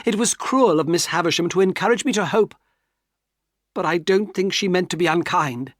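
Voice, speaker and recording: A man's voice: sits high, moderate pace, no room sound, voice pushed up, natural voice. A man voicing an earnest, heartbroken young man who pleads with trembling emotion, in a dry storybook reading. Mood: pleading.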